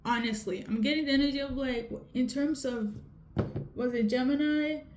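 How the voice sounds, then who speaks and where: A woman's voice: sits high, normal speed, a little mellow. A woman giving a casual tarot reading, talking straight to viewers and checking in with a frequent "okay?". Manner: repeats "okay?" often, conversational. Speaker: tarot reader. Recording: echoey room with faint noise.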